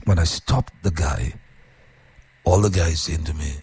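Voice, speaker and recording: A male radio host telling a story on air in an animated, earnest way and giving heartfelt, preacher-like advice to his listeners. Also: low-pitched, normal speed, long pauses, breathy edge.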